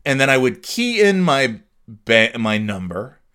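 A man talking alone on his podcast in a loose, rambling monologue. He rants and swears freely, trails off and restarts his sentences, and his voice sits at an ordinary middle pitch. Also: big pitch swings, measured pace, pushed and bright, smooth. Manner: ranting, profane, rambling with many restarts. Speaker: podcast host. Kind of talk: casual solo podcast monologue.

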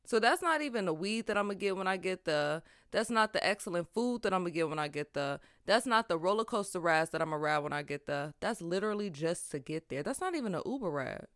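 Woman podcast host, slangy casual chat, bright voice, dry close sound. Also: on the low side, quick pace, hardly any pauses, no room sound. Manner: animated, slangy, talkative.

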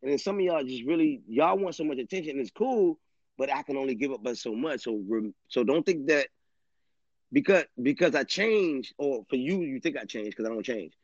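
A man's voice: mid-range voice, expressive, brisk, no room sound. A man hosting a live stream, rambling casually in street slang and swearing often. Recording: dull lo-fi dry audio.

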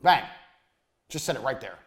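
A man of middle pitch lecturing on business in a blunt, swearing style. He hammers points home through repetition, and his sentences often sag into a quiet, low ending. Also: lively intonation, moderate pace. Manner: drops to a low trailing tone at phrase ends. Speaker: course instructor. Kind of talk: motivational business lesson.

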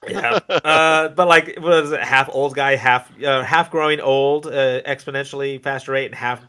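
A man's voice: medium pitch, steady tone, normal speed, bright, forceful tone, clear, resonant tone. A man co-hosting a podcast, recapping an episode in rambling casual chat full of fillers. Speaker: podcast co-host.

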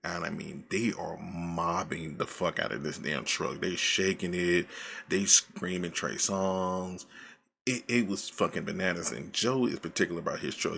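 A man telling a casual, profane story from his old job, animated and laid back, full of slang. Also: low-pitched, unhurried, gravelly. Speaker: storyteller recounting past work.

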